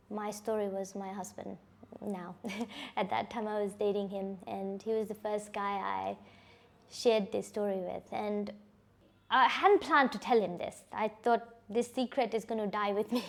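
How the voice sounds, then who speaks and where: A woman's voice: mid-range voice, steady tone, unhurried, creaky. A woman giving a personal testimony, speaking in a reflective, hesitant way with frequent restarts and "you know.". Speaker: survivor sharing her personal story.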